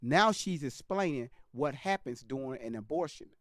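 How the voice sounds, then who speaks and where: A man's voice: mid-range voice, animated, normal speed, dry recording, studio quality. A man hosting a live stream, commenting on a clip with emphatic, repetitive direct address to his viewers.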